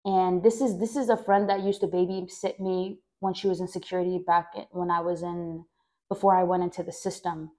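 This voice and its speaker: A woman's voice: level tone, fairly quick. A woman from Mexico hosting a podcast and recounting her own life story. She rambles, corrects herself mid-sentence and leans on "like" as a filler. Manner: acts out quoted voices louder and higher. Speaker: podcast host.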